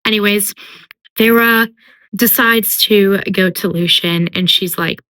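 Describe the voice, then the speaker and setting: A young woman retells a novel's plot in a casual, chatty way, peppered with likes and ums. Her voice is bright and sharp, sitting at a middle pitch. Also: slow, rough recording. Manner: chatty, uses filler like "like" and "um". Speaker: book commentator. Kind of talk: casual book summary with character voices.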